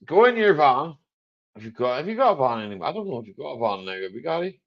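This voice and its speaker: A man's voice: fairly high pitch, sing-song, fast, dull audio. A man hosting a casual live chat stream, jokey and rambling, chuckling often.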